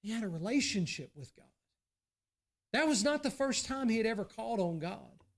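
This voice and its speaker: A Southern US man preaching from the pulpit with a notably high voice. He moves between quiet, low asides and raised, emphatic lines, earnest throughout. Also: lively intonation, normal speed. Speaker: pastor. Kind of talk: sermon. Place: church sanctuary.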